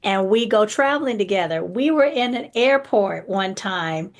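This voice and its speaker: A woman's voice: mid-range voice, expressive, normal speed. A woman hosting a talk show, chatting with her guests and thanking them. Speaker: host.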